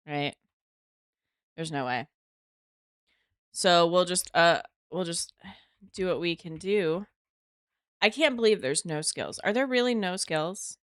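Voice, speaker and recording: A woman's voice: lowish voice, slow, pauses often, smooth, dry recording, clean studio sound. A woman streaming a game live, chatting casually to her viewers, swearing freely and talking to herself as she plays.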